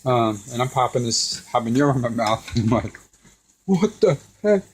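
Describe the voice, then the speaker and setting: A middle-aged man chats casually in his home kitchen while he cooks with his son. His voice sits at an ordinary pitch, and he tells his story in an animated way, laughing often. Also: quick pace, slight background noise. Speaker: father cooking with his son. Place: home kitchen beside a deep fryer.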